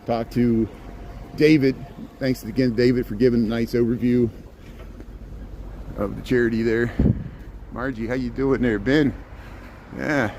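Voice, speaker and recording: A man's voice: mid-range voice, fairly even intonation, a little slow, long pauses, a little mellow, a little hiss or hum. A man hosting a live stream as he walks a snowy city sidewalk, chatting with viewers and rambling through joking, sarcastic asides. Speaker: livestreaming street-walk host.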